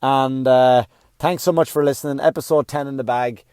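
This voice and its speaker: A male comedian hosting his own podcast, ranting loudly and profanely in a comic monologue. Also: mid-range voice, steady tone, normal speed, clear, resonant tone, dry recording, clean studio sound. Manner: loud, yelling, profane.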